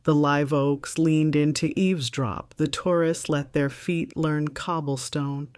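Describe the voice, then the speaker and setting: A woman's voice: low voice, steady tone, a little slow, a little mellow, dry recording, clean studio sound. A middle-aged woman narrating her own story in the first person with a composed, wry, reflective delivery.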